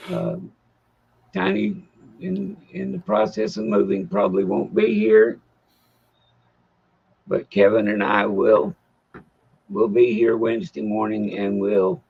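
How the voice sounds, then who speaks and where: Man, co-host, husky, animated pitch, lo-fi audio. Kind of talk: casual livestream chat.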